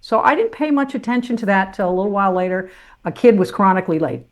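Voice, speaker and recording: A woman's voice: mid-range voice, lively intonation, quick pace. An older woman, a former sportscaster turned teacher, telling her life story as a podcast guest in a blunt, salty, self-mocking way. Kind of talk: candid personal storytelling.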